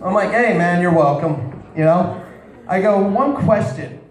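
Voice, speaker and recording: This stand-up comedian has a high, expressive voice and a measured pace as he works a bar crowd with crude stories, calling out to people in the audience. A distant mic picks up the roomy bar acoustics and crowd noise.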